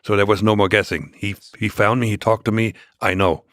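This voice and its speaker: An older man, telling his story as an interview guest, halting with many restarts and fillers. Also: on the low side, fairly even intonation, fairly bright tone, dry recording, clean studio sound. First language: German.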